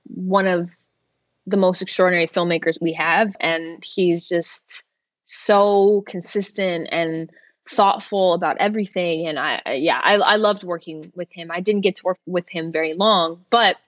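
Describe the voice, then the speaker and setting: A woman's voice: on the low side, fairly even intonation, measured pace, no echo. A young woman guest on a talk show, chatting casually with many filler words and easy laughs. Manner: chatty, lots of "like" fillers and restarts, laughs easily. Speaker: actor guest.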